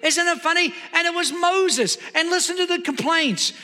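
High, bright-voiced preacher in a hall. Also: male voice, normal speed, few pauses. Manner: emphatic, asks the audience rhetorical questions. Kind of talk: sermon.

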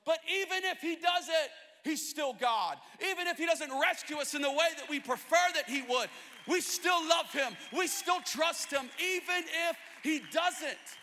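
A man's voice: extremely high pitch, lively intonation, unhurried, pushed and bright, some chatter behind, voice pushed up, exaggerated voice. A man preaching, voicing three defiant young men who declare their faith, in an echoey hall.

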